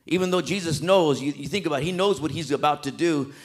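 Impassioned preacher, somewhat high voice. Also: male voice, fast talker. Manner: impassioned, swinging between loud emphatic peaks and hushed soft passages; colloquial, with repetitions and restarts. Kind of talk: sermon.

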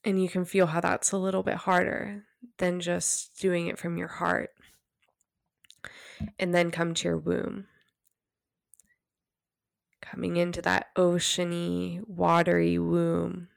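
Low gravelly woman, podcast host, talks slow and soft like she's guiding you through a practice. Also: completely flat delivery, dry recording, clean studio sound. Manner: soft, gentle, unhurried guidance; drops to a hushed near-whisper when demonstrating. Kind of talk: solo podcast talk with guided practice.

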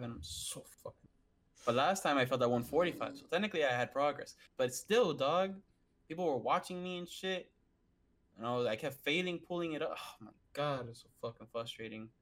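A young man in a casual voice chat with friends, swearing a lot and venting loudly. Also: medium pitch, fairly quick.

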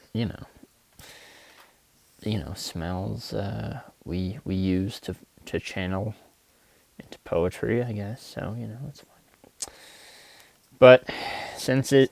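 A man hosting a poetry podcast from inside his car, talking in a halting, agitated, emotional ramble and reading his own poems. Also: low voice, creaky, darkish tone. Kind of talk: rambling confessional monologue.

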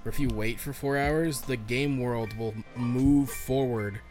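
A man co-hosting a podcast, talking excitedly about games with lots of fillers and casual swearing. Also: mid-range voice, measured pace, faint music behind. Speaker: podcast co-host. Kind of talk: casual chat.

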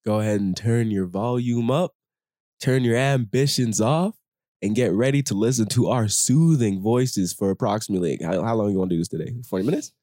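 A man's voice: lowish voice, fairly quick, mellow, no room sound, studio quality. A man co-hosting a podcast, bantering casually and teasing his partner in a playful way. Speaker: podcast co-host. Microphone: studio microphone.

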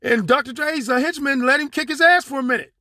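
A high-pitched man from Pittsburgh with a gravelly, fry-filled voice, rambling through a solo podcast monologue. He talks in a streetwise, profane, digressive way, stuffed with fillers. The sound is close and dry, as if recorded in his car. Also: fast, bright, forceful tone, dry recording. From Pittsburgh, USA. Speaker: podcast host.

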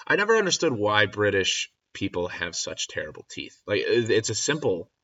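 A man's voice: fairly low pitch, sing-song, moderate pace, pushed and bright. A man co-hosting a casual podcast chat, making dry, teasing jokes. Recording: dull lo-fi audio.

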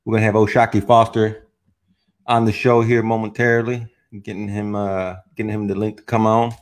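Relaxed man hosting a casual podcast. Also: lowish voice, brisk. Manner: relaxed, profane, talks in restarts. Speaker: podcast host. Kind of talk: casual chat.

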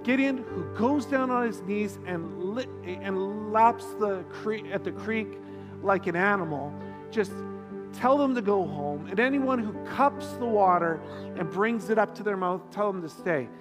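A man preaching voices God as a calm, commanding male deity in a sermon story. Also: high voice, a little slow, in a large hall, over music.

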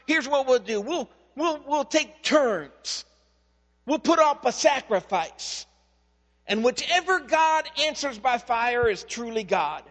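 A preacher acting out a bold, mocking old prophet. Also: male voice, extremely high pitch, lively intonation, takes it slowly, a bit bright, long reverb tail, heavily acted. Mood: challenging. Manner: challenging, taunting.

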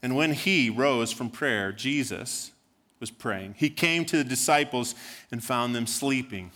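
A man's voice: medium pitch, animated, measured pace, pushed and bright. A man preaching a sermon as senior pastor, earnest, repeating words and rising into fervent pleading prayer.

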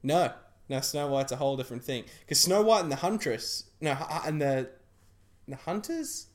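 A man's voice: a little high, animated, normal speed. A man chatting casually about film trailers, rambling with lots of fillers and restarts.

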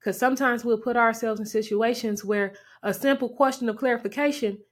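A woman hosting a podcast and giving relationship advice in a casual, lively, emphatic way, with pointed repetition and sudden rises in pitch. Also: brisk.

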